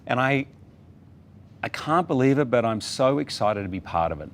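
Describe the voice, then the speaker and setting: A man's voice: mid-range voice, lively intonation, normal speed, a little hiss or hum. A man in his fifties from Australia with an Australian accent, a guest on a talk show telling a story in an easygoing, anecdotal way. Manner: warm anecdotal storytelling, acts out quotes. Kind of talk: casual talk show interview.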